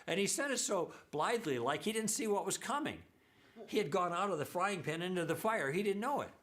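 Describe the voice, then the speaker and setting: A man's voice: high-pitched, big pitch swings, fairly quick, a bit bright. A middle-aged man teaching a church lesson, telling stories and acting out the dialogue as he goes. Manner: anecdotal, acts out quoted dialogue.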